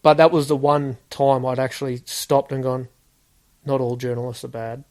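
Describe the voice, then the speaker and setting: Speaking in a medium-pitched, level, slightly mellow voice at a normal speed, an Australian ex-police officer from Sydney guests on a podcast. His storytelling is easygoing and casual, and he acts out the quoted dialogue.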